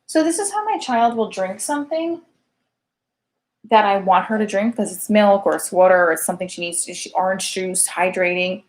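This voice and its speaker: A woman's voice: medium pitch, moderate pace. Rambling, sarcastic woman comic. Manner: chatty, digressive, full of "like" fillers; sarcastic, self-mocking. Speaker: single mother comic.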